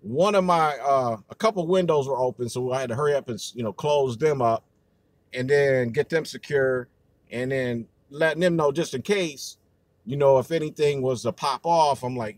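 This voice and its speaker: Brief: male livestream host, mid pitch, AAVE speech, rambling and cussing, dry close sound. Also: moderate pace, no echo. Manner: loose, profane, rambling with many fillers. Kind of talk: casual livestream talk.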